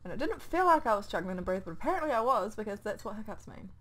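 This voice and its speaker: A young woman with a New Zealand accent rambles casually through let's play commentary into a desk mic at home, muttering to herself along the way. Her mid-range voice is sing-song, fast, and a bit bright.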